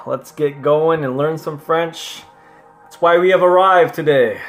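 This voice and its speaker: A man's voice: a little high, fairly bright tone. A man giving casual, playful commentary as he works through language app lessons, laughing at himself and sounding out French words. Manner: reads French words aloud slowly. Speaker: language learner vlogger.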